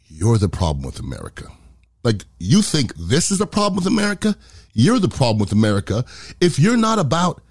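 A man's voice: mid-range voice, a little mellow, no room sound, studio quality. A middle-aged man hosting a podcast, giving a blunt, impassioned opinion monologue. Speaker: podcast host.

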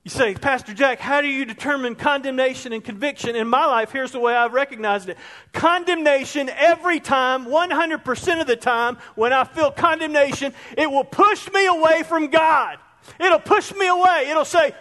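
A man with a strikingly high voice preaches with passion, his words carrying through the long reverb of a large hall. He builds to near shouts as he drives his points home. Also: normal speed. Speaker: pastor. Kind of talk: sermon. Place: church sanctuary.

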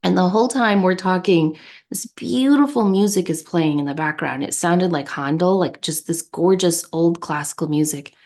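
Animated storytelling woman podcaster. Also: lowish voice, moderate pace. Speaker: podcast co-host. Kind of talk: casual chat.

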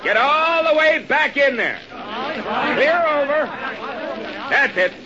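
A hard-bitten army corporal who barks commands gruffly. His voice sits high, and a crowd is heard behind. This is 1940s radio acting on a muffled old broadcast. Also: expressive, takes it slowly, exaggerated voice. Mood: commanding.

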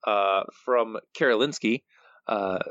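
A man's voice: fairly low pitch, slow pace, a bit bright, no echo, muffled recording. A man co-hosting a podcast in casual chat, dry and understated, reading listener quotes. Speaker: podcast co-host.

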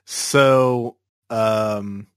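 A man playing a tabletop game, halting and trailing off with many fillers. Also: on the low side, fairly even intonation, clean tone, no room sound, studio quality. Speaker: player. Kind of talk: tabletop role-play as a player.

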